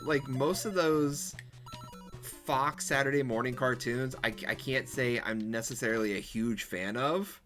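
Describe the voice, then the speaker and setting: A man's voice: medium pitch, unhurried, a bit bright, soft background music. A male streamer chatting casually and rambling while he plays a golf game. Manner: rambling, chatty, self-correcting. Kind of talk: casual chat while gaming.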